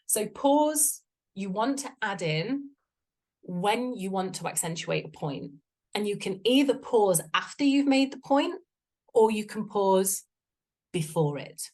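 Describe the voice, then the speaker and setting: A woman, a voice coach giving a chatty, playful online workshop talk over a video call. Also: vocal fry. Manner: chatty, playful, varies pitch for effect.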